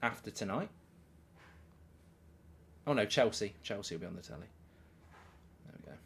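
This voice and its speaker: A middle-aged man hosting a live football watchalong, chatting casually and reading out viewer comments, with loud bursts of excitement. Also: on the low side, moderate pace, vocal fry, long pauses, husky.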